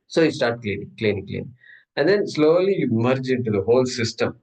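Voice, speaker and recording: A man's voice: medium pitch, expressive, a little fast, a little mellow, rough recording. A man teaching an informal scripture class, humorous and conversational, often asking and answering his own questions. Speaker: Gita teacher.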